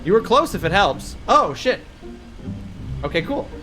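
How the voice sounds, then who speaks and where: A man's voice: high-pitched, very animated, unhurried, pushed and bright. A young man live-streaming a game, bantering with chat, joking and swearing as he rambles. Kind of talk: casual live-stream chat while gaming. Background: game music.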